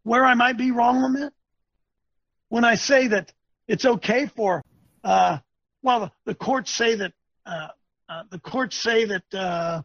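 A man hosting a webcast, delivering a preachy, ranting commentary, repeating himself emphatically and swinging between loud bursts and low muttering. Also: creaky, husky, no room sound. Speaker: webcast host. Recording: dull lo-fi dry recording.

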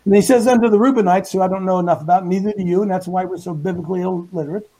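Raspy high-pitched folksy preacher man. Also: steady tone, very fast, mellow, rough recording. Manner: folksy, emphatic, paraphrases scripture in slang. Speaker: Bible teacher on a talk show. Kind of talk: folksy preaching Bible study.

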